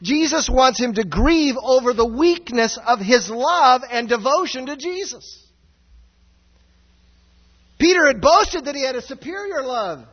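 A man preaching a sermon as pastor, earnest and searching, swinging from raised, near-shouted passages down to low, quiet ones. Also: animated, a little slow, husky. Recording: dull sound with long hall reverb.

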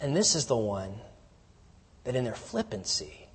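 A man preaching an expository sermon, teaching verse by verse and swelling into emphatic declarations before dropping quiet again. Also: medium pitch, sing-song, unhurried, breathy edge. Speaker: pastor. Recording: long hall reverb.

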